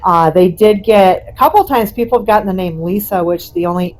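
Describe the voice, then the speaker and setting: A woman's voice: mid-range voice, a little fast, a little mellow, slight background noise, low-quality recording. A woman chatting casually as a guest, rambling through her stories and laughing often. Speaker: guest, house owner. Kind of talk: casual chat.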